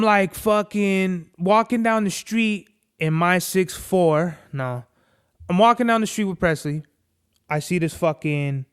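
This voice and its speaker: Guy hosting a podcast, swears a lot, ranting, kinda high voice, clean and clear. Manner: profane, animated storytelling with acted-out quotes. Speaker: podcast host. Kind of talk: casual chat.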